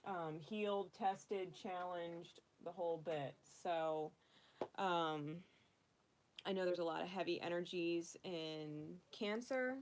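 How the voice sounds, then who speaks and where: A woman hosting a casual livestream card reading, chatting and laughing often before softly calling in her angels. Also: fairly low pitch. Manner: chatty, laughs often, soft prayerful invocations. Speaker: spiritual card reader.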